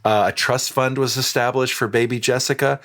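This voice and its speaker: A man's voice: medium pitch, steady tone, brisk, a bit bright. A man in the middle of his range, talking through a story on a casual podcast. He stops and restarts often, leaning on "uh" and "um" while he lays out the facts. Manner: hesitant, many ums and restarts while recounting facts. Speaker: podcast co-host presenting the story.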